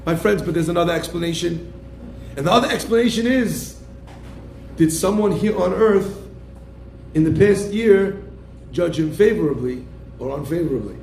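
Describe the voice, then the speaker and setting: A man's voice: high-pitched, expressive, normal speed, creaky, pauses often, darkish tone, slight background noise. A man giving a sermon as a rabbi, speaking animatedly and acting out the people he quotes, often calling his listeners "my friends.". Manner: keeps addressing listeners as "my friends". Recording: echoey room.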